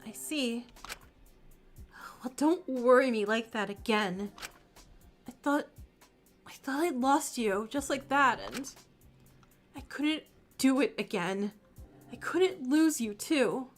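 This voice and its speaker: A protective young woman in a game, high-pitched and soft, her voice trembling near tears, as a female streamer puts her on. She speaks slowly and gently, fussing over a friend she nearly lost. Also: lively intonation, soft background music. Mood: tearful. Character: worried tender young woman, emotional and protective.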